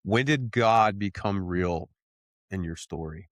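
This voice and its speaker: A podcast host with a low voice and a dry, close sound. He keeps his turns short and affirming and asks his guest questions in an easy, relaxed way. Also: takes it slowly, no room sound. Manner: brief affirming replies, relaxed. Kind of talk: interview questions.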